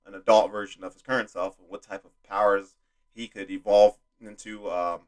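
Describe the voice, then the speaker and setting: A man's voice: lowish voice, fairly even intonation, moderate pace, darkish tone. A young man giving casual, rambling movie commentary as a video host, with lots of fillers and swearing. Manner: rambling, frequent fillers and profanity.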